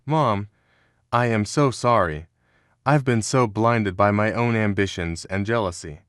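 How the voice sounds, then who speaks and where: A man voicing a remorseful stepmother who pleads for forgiveness in a read-aloud story, in an even, measured delivery. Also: lowish voice, clear, resonant tone, no echo, studio quality. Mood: pleading.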